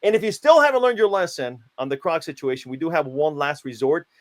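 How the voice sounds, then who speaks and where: A man giving playfully absurd, mock-stern interview answers in a deadpan comic style. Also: fairly high pitch, quick pace. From United States. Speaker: guest, self-declared country founder.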